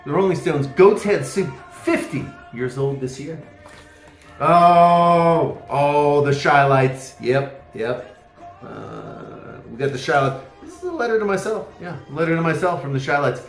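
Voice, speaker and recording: Animated, rambling record-collector man. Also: a little high, a little slow, reverberant, faint music behind. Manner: enthusiastic, rambling with many fillers and exclamations. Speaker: vinyl collector vlogger. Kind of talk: casual record review.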